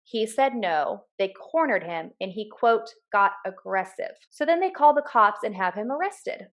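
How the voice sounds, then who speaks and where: A woman's voice: mid-range voice, expressive, normal speed. A woman in her thirties candidly telling a personal story of losing her father, in casual podcast conversation. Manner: candid, swears freely, acts out quoted voices. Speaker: podcast co-host sharing her grief story.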